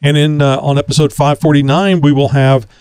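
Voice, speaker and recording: A man's voice: fairly high pitch, level tone, a little fast, darkish tone, clean tone, dry recording. A man co-hosting a podcast in casual chat, rambling with frequent fillers and restarts. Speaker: podcast co-host.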